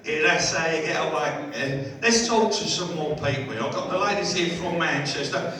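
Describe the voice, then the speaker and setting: A man, doing a stand-up routine in a holiday village hall, chatting with the crowd and delivering punchlines deadpan. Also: fairly high pitch, normal speed. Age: 60s. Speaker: stand-up comedian. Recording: echoey hall from far off.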